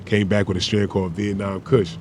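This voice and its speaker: A man's voice: lowish voice, brisk, slight background noise. A man in his forties, a podcast guest, telling stories in a loose, slangy, profane way. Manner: animated storyteller, slangy, profane. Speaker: guest, former basketball player. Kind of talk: casual podcast chat.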